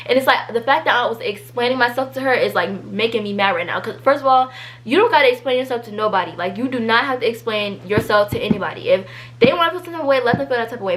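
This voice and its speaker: A teenage girl, telling a storytime vlog and reading out an argument, animated and exasperated. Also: fairly high pitch. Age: teens. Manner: animated, exasperated, quick asides. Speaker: vlogger.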